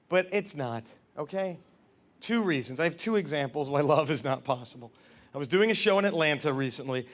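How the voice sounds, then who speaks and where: A man performing a stand-up comedy set on a club stage, animated, shouting his punchlines and acting out characters. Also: on the high side. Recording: noisy live club recording.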